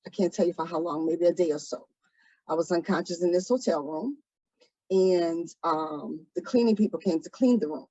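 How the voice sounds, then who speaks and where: A woman telling her own story in an interview, soft-spoken and hesitant, pausing often. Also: lowish voice, husky, no room sound, muffled recording. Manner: soft-spoken, hesitant, many pauses and ums. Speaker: trafficking survivor guest. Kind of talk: interview testimony.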